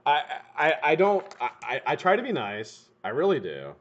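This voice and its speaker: A middle-aged man hosting a live stream, telling a profane, animated story while he works. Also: fairly high pitch, normal speed. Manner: animated, profane, laughs at his own story. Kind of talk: casual storytelling while building coils. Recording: dull lo-fi stream audio.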